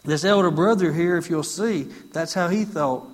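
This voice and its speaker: A man's voice: fairly high pitch, moderate pace. A man preaching a sermon in a conversational style, driving his points home with emphatic repetition. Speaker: pastor.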